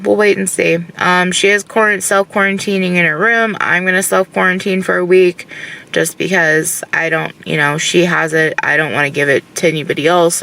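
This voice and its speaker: A woman vlogging from her car in a casual, frustrated rant, rambling and filling every pause with "like". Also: on the low side, vocal fry, sharp tone, poor audio. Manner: frustrated, rambling, says "like" constantly.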